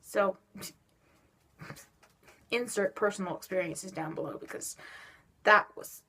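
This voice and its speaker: Teen girl vlogger, casual animated storytelling, filler-heavy, neck stiff and sore. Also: mid-range voice, measured pace. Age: teens. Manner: animated storytelling, lots of "like" and "just like". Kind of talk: casual chat to camera.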